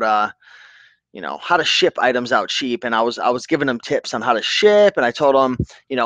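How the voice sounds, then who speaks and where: A man's voice: mid-range voice, no room sound. A man hosting a casual live stream, chatting loosely and reading out viewers' comments with lots of enthusiasm. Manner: animated, reads out viewer comments and shouts them out. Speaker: host of a reselling live stream.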